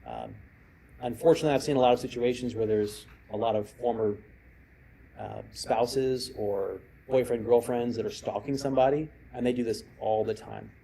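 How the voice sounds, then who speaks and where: Mellow-voiced man giving a talk. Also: medium pitch, expressive, normal speed, vocal fry, husky, rough recording. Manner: storytelling, acts out quoted voices. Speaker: cybersecurity speaker. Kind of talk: conference talk. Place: presentation room.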